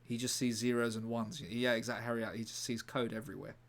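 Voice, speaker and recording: A man's voice: medium pitch, level tone, fast, a bit bright. A man casually chatting on a live stream as he writes a script, rambling and joking while reading out chat. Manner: rambling, jokey, reads chat aloud. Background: faint background music.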